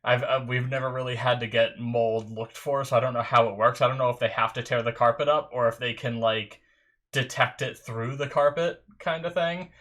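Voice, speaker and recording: Bright-voiced young man rambling casually. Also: medium pitch, fairly even intonation, normal speed. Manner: rambling, storytelling with many restarts. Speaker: anime reaction host. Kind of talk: casual chat. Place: bedroom at home.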